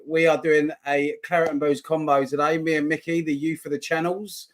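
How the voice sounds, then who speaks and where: A man's voice: a little high, little pitch movement, moderate pace, hardly any pauses, fairly bright tone. A man co-hosting a casual football chat, joking and matey with his co-host.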